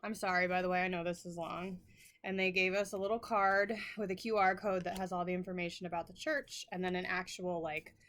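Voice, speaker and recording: Woman host, middle-aged, slightly low voice; casual rambling chat, apologetic, near tears. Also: steady tone, a little fast, a bit bright. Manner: rambling and apologetic, laughing often. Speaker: flosstube host.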